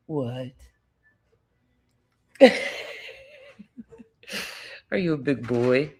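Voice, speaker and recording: A woman's voice: sits low, lively intonation, measured pace, pauses often. A woman filming a casual home vlog, talking to her dogs in cooing baby talk and swearing offhandedly. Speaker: vlogger. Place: home living room with dogs.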